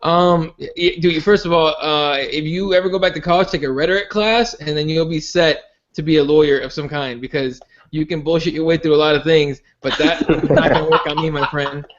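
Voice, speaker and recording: High-voiced rambling podcast host, lo-fi. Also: male voice, steady tone, fairly quick, hardly any pauses. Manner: rambling, many restarts and fillers. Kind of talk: casual chat. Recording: dull lo-fi sound.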